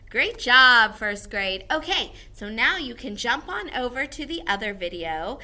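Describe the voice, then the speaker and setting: An encouraging woman music teacher records a lesson for young children. Her voice is bright and sits a bit high, swinging up and down with a lot of energy. She explains everything in simple, friendly terms. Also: sing-song, normal speed. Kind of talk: recorded video lesson for first graders.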